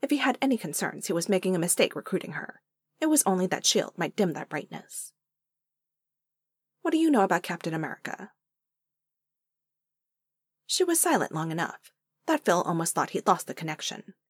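A woman narrating a fiction story aloud in an expressive storytelling manner. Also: lowish voice, fairly quick, slightly rough, dry recording, clean studio sound. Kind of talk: fiction audiobook reading.

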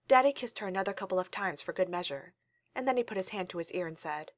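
Woman calmly reading a story. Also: medium pitch, fast talker, no room sound. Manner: calm, steady storytelling. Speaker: reader.

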